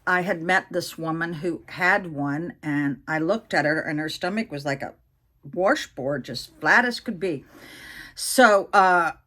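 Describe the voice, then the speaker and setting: A woman's voice: low-pitched, unhurried, a bit bright. Chatty older woman telling a candid story. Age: 60s. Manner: chatty, candid, lots of fillers and asides. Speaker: vlogger. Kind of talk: casual storytelling to camera.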